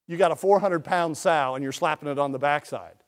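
A man preaching a sermon in a folksy storytelling way, jumping between loud bursts and quiet asides. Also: fairly high pitch, brisk.

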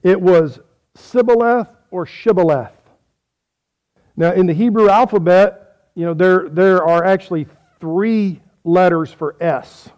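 A man's voice: sits high, measured pace, darkish tone, lo-fi sound. A man preaching a folksy sermon, quizzing his audience on how they say words.

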